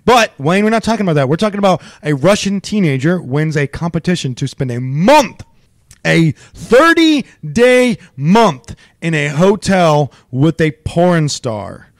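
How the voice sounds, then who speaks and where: A man's voice: on the high side, sing-song, unhurried, no echo, clean studio sound. A man co-hosting a comedy podcast in casual chat, laughing often and tripping over names. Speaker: podcast co-host.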